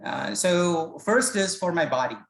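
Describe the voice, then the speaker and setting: A man's slightly high voice, with lively intonation, a measured pace and vocal fry, carries a self-recorded scripture study. He explains hesitantly and conversationally, telling stories in the manner of an informal lecture. The sound is roomy and the recording low-quality.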